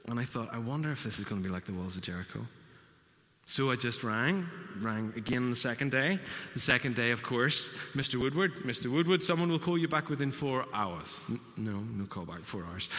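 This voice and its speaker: A pastor with a bright, forceful, mid-range voice preaches a sermon in a church hall, with the hall's reverb audible. He tells a story and acts out its quotes.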